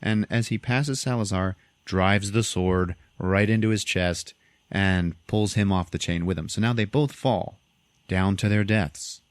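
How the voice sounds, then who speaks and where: A podcast host with a low voice and a slightly slow pace retells a movie's plot, animated and profane, breaking into laughter often. There's no echo on the audio.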